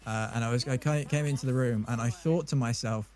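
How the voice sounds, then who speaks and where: A man's voice: mid-range voice, fairly even intonation, brisk, a little mellow. A man from southern England with a southern English accent, streaming a game and telling rambling, jokey stories in casual chat.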